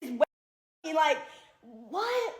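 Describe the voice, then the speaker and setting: A woman's voice: high voice, big pitch swings, very slow. A young woman upset and defensive, venting in a social media video with many filler "like"s.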